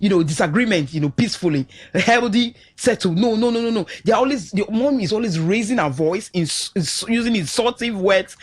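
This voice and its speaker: A middle-aged Nigerian woman speaks as a studio radio guest, her voice slightly husky and swinging widely up and down. She tells stories animatedly and acts out the people in them. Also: medium pitch, fairly quick, hardly any pauses. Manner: animated storyteller, acts out quotes with shifts of voice. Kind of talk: radio talk show discussion.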